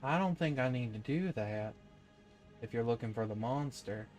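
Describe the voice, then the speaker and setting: A man's voice: medium pitch, expressive, moderate pace, a little mellow, soft background music, close to an everyday voice. A man doing a Southern-drawling talking bird. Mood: folksy. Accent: American Southern. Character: talking bird on a carriage driver's shoulder.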